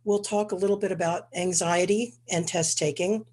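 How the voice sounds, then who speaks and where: Woman, congested, husky voice, lowish pitch, steady lecture on schooling. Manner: explanatory, measured. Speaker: webinar presenter. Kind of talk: educational lecture.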